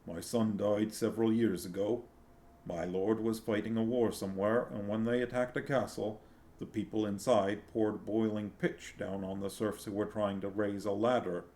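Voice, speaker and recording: A man reading a novel aloud and voicing a starving male serf who speaks flatly and hopelessly, at times quavering. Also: lowish voice, normal speed, close to an everyday voice. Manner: flat, dead-voiced, then quavering.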